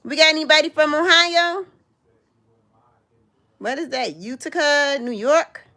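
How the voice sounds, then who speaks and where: A middle-aged woman talks to her livestream audience in a loose, chatty way, with a voice set a bit high for a woman. She calls out viewers' hometowns with lively jumps in pitch. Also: measured pace. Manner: chatty, reads out viewers' locations, calls out "in the house". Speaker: livestream host. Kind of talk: casual livestream chat.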